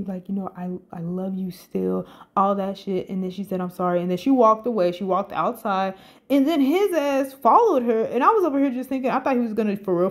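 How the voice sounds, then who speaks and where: Woman, casual commentary, profane, incredulous, pitch leaps up and drops low. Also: darkish tone. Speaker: reality show commentator.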